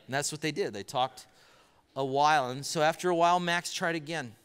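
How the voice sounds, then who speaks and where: A man's voice: medium pitch, fairly bright tone, clean tone. A man preaching a sermon as pastor, telling a story and posing repeated questions to the congregation. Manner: storytelling with pauses and rhetorical questions. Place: church auditorium. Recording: church hall reverb.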